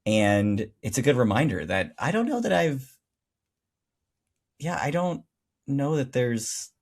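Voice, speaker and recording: Man, podcast host, low voice, gravelly fry, reflective, pauses for words. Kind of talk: casual conversation.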